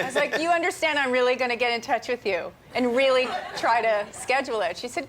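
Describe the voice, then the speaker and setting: An actress speaking as a talk show guest, effusive and emphatic. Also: female voice, high-pitched, fairly quick, a crowd in the background, noisy background.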